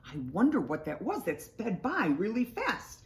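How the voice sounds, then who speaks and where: A woman teacher reading a picture book aloud to children and explaining the story in an expressive, patient way. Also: medium pitch, normal speed.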